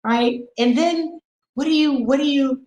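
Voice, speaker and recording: A middle-aged woman speaking as a podcast guest and sex educator, frank and animated, coaching listeners with a string of rhetorical questions. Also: sits high, measured pace, echoey room, dull audio, slight background noise. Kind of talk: podcast conversation.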